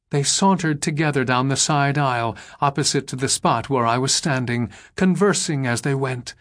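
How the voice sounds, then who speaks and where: Male narrator, audiobook reading, measured, expressive, mid-pitched voice. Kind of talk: scripted narration.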